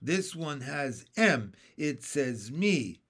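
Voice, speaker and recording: A man's voice: a little high, very animated, very slow, fairly bright tone, husky, exaggerated voice. Caring older sister, read by a man, storybook read-aloud, encouraging.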